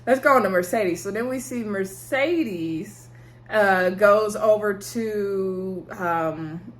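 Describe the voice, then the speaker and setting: Vlogger, woman, casual recap to camera, animated, frequent laughs, lots of fillers. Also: takes it slowly. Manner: animated, high-pitched exclamations. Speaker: TV episode reviewer. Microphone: talking to camera.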